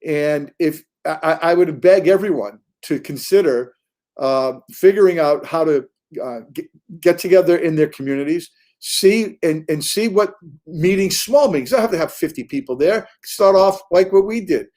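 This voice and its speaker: Earnest, halting male party official. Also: on the high side, a little mellow. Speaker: guest, local party official. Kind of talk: political talk.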